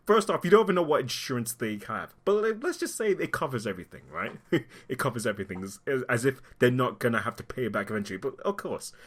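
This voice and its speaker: A man speaking his mind into the camera in a vlog, heated and openly upset. His pitch swings widely, leaping up in sarcastic outbursts and sinking low when he pulls back. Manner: talks through being upset, voice dropping low at times. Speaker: vlogger. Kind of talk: impassioned opinion commentary.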